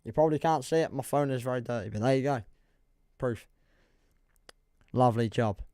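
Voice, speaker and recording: A young man with an English accent keeps up a casual, rambling chat on a football livestream, reading the chat aloud and often laughing at himself. His mid-range voice is a little mellow and fairly quick. It's recorded in studio quality with no echo.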